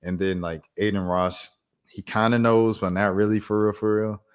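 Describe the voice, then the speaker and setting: A man hosting a live stream and chatting casually, reacting to news in loose slang and thinking out loud. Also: fairly low pitch, fairly even intonation, normal speed, clear, resonant tone. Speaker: streamer host.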